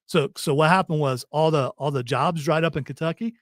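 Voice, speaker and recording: A man from Ohio co-hosting a casual podcast, reading stream comments with a joking, rambling manner and quick laughs. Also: on the high side, dry recording, clean studio sound. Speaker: podcast co-host.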